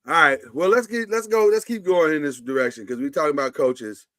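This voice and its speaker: Opinionated bright-voiced male sports host. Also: fairly high pitch, fairly quick, no room sound. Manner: chatty, opinionated, runs the segments. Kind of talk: casual sports talk.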